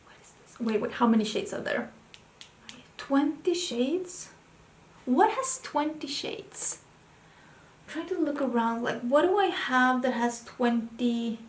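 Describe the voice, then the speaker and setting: A young adult woman vlogger chatting casually and thinking aloud, excitable and full of questions. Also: sits high. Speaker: beauty vlogger. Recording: roomy echo.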